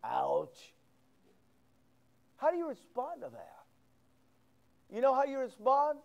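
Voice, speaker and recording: A man's voice: very high-pitched, huge pitch swings, slow pace, gravelly, long pauses, dull audio. A middle-aged man pastor preaching a sermon, quoting scripture with big swings of emphasis.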